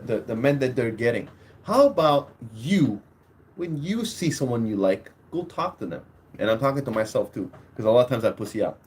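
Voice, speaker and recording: A young man hosting a podcast on his own, talking casually and crudely in a rambling way and laughing at his own stories. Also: a little high. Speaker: podcast host. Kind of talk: casual solo podcast talk.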